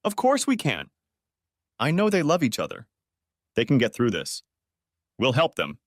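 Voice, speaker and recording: A man's voice: mid-range voice, wildly swooping pitch, unhurried, no room sound, studio quality. A man voicing a worried, caring middle-aged mother who pleads to patch things up, in an audiobook story. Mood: anxious.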